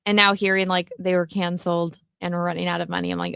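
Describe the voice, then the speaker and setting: A woman with a gravelly, creaky voice speaks in a dry, close recording. She talks matter-of-factly on a casual livestream, offering her own suggestions. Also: lowish voice, level tone, fast talker, fairly bright tone, no echo.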